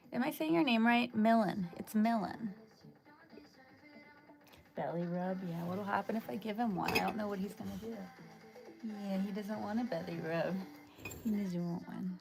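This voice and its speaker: Sleepy gravelly woman chatting on a livestream. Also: mid-range voice. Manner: chatty, greets viewers by name. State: tired, just woke up. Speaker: livestream host. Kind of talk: casual live chat with viewers. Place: home.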